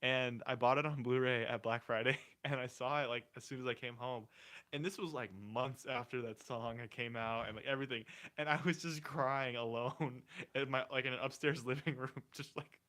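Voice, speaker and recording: Young man, podcast co-host, bright tone, rambling, laughs a lot, casual movie chat. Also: medium pitch, fairly even intonation, moderate pace. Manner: rambling, emotional, laughs often, restarts.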